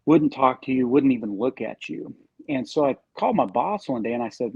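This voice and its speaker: Guy with a raspy gravelly voice spinning a work story, dry close sound. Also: medium pitch, a little fast, no room sound, dull audio. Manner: animated storyteller, acts out quoted lines. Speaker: podcast co-host telling a sales story. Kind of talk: casual storytelling.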